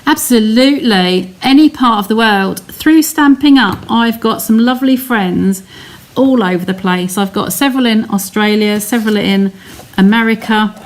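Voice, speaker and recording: In a slightly high voice at normal speed, an Englishwoman demonstrates card-making live, chatting casually, talking through every step and responding to viewers' comments.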